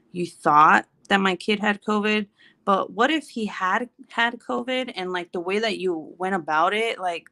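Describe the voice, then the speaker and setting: A woman in her thirties chatting casually to camera, telling an animated story full of quoted voices. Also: on the low side. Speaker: vlogger. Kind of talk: casual chat.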